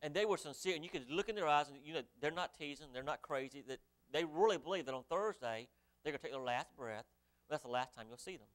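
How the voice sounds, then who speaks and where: A man preaches from the pulpit in a voice pitched a little high and notably smooth and resonant. He reads scripture aloud in old-fashioned wording and keeps asking his congregation rhetorical questions. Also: lively intonation, quick pace, a bit bright. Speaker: pastor. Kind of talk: sermon.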